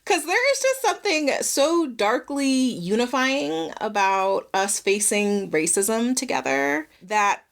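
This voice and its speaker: A woman's voice: on the high side, sing-song, slow, hardly any pauses. A young woman, hosting a solo podcast and telling candid stories, swearing freely. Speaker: podcast host.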